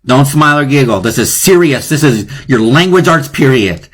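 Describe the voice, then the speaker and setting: A man's voice: mid-range voice, lively intonation, a little fast, few pauses, breathy edge. A man hosting a live online lesson, playful and chatty, often chuckling at his own jokes. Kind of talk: casual live-streamed lesson.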